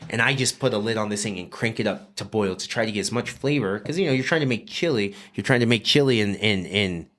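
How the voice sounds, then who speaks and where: A man from New Mexico, a guest chef, telling a story in a casual, animated podcast chat with frequent fillers. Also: lowish voice, fast talker.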